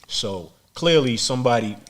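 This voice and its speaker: A middle-aged man speaking as a podcast guest, his voice sitting at an ordinary middle pitch. He tells a rough story bluntly, with plenty of swearing and quick repeated words. His delivery comes across as plain-spoken and unpolished. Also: a little hiss or hum. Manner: blunt, profane, repeats words when excited. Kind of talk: street storytelling interview.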